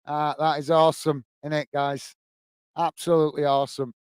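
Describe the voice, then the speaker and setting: A man from the UK hosts a live football watch-along in a casual, chatty way, greeting viewers and filling pauses with "uh." His voice sits a little high for a man, smooth and clear. The sound is dry and close to the mic. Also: level tone, dry recording. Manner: chatty, friendly, frequent fillers and greetings to viewers. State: a bit out of breath. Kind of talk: casual live-stream chat reading viewer comments.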